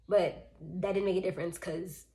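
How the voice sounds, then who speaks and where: A woman's voice: lowish voice, normal speed, creaky. A woman vlogger telling a storytime in a casual, rambling way and acting out what others said. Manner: rambling, animated retelling with acted-out quotes.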